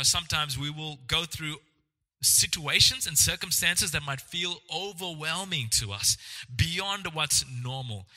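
A man's voice: fairly high pitch, pushed and bright. A man preaching a sermon as pastor, earnest and reassuring, often restarting his words. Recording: long hall reverb.

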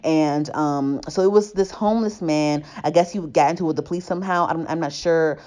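A woman's voice: sits low, a little fast, mellow. Rambling, heated young woman in casual chat. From family from Tobago. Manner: rambling, many restarts, growing more heated.

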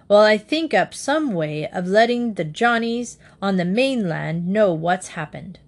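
A woman reading a storybook aloud and voicing a gruff, blustering old male sea admiral who roars and growls. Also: mid-range voice, expressive, measured pace. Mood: gruff commanding. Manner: roaring, growling.

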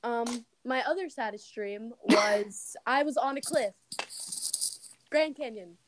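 A teenage girl in casual chat, relaxed and chatty, laughing easily. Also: a little high, slow, heavy background noise.

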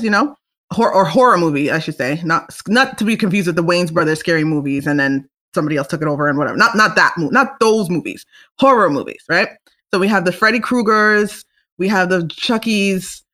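A woman's voice: lowish voice, sharp tone. A young woman hosting a solo talk show, chatting casually and rambling with frequent restarts and laughter. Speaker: solo podcast host. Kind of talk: casual chat.

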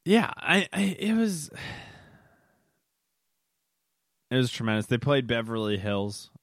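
A man's voice: mid-range voice, big pitch swings, slow pace, no echo, clean studio sound. A young man hosting a podcast, telling a rambling, casual story with fillers and restarts, recorded late at night. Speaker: podcast host. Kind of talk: casual solo podcast monologue.

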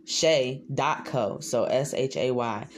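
Young male podcaster, rambly slangy solo chat, average pitch, jumpy delivery. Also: takes it slowly, slight background noise. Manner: rambling, loose and slangy, with sudden pitch jumps. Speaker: podcast host.

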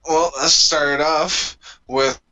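A man's voice: a little high, steady tone, slow, noisy background. A man co-hosting a wrestling podcast, ranting and joking with lots of swearing. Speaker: podcast co-host. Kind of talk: casual wrestling podcast chat.

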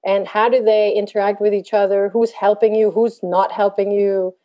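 A woman coach speaking in a calm, gentle, explanatory way during a reflective podcast conversation. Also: mid-range voice, normal speed, lo-fi sound. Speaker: life coach.

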